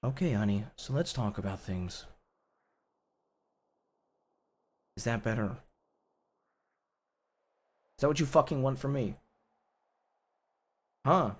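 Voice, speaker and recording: A man playing a loud, worried husband in an in-game roleplay, talking bluntly and swearing a lot. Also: medium pitch, animated, normal speed. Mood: heated.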